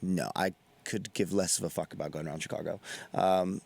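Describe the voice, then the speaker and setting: A man's voice: low-pitched, steady tone, brisk, vocal fry, darkish tone. A man with an English accent, a guest musician on a talk show, chatting in a laid-back, blunt way with dry humor. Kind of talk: casual interview chat. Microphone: studio mic.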